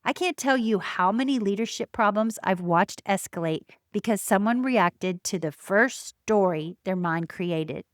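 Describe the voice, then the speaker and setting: Woman doing a solo podcast, calm and measured, mid pitch, dry close sound. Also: no echo. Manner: calm, measured, emphatic pauses. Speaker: podcast host. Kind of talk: reflective solo podcast talk.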